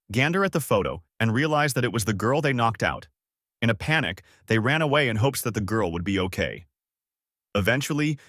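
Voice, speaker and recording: A man narrating a fan story in a plain, steady reading style. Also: mid-range voice, no room sound, clean studio sound.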